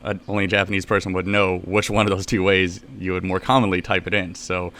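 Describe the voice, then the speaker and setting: A man with a low voice hosts a podcast interview in a casual, chatty manner. He laughs easily and keeps the talk loose as he sets up each question. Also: level tone, fast talker, a bit bright. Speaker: podcast host.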